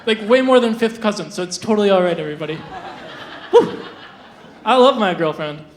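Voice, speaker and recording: On a live stage, a young adult stand-up comedian delivers absurd jokes deadpan, with hesitant restarts and plenty of fillers. His mid-range voice moves a little fast, and the roomy live venue sound carries slight background noise.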